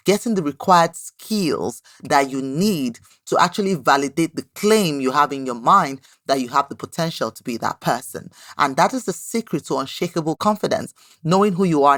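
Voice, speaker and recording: A woman in her thirties hosting a podcast, giving a motivational talk with lively storytelling and a frequent questioning "right?". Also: low voice, no room sound, clean studio sound. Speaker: podcast host.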